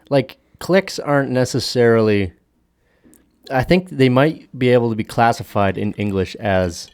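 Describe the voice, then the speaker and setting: A man co-hosting a podcast, chatting casually over drinks, cracking crude jokes, swearing freely and laughing often. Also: mid-range voice. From Alberta, Canada. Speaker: podcast co-host.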